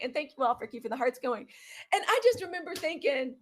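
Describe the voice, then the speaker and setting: A young woman from the South, casually chatting to viewers in a live video, animated and saying y'all. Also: high voice, brisk. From Southern US (Mississippi). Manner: chatty and animated, says y'all, quotes others in lively put-on voices. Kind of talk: casual livestream monologue.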